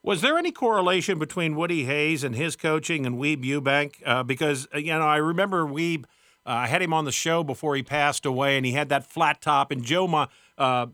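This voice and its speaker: A man's voice: a little high, a bit bright, no room sound, clean studio sound. A male host asking long, leading questions with filler words. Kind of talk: interview questions.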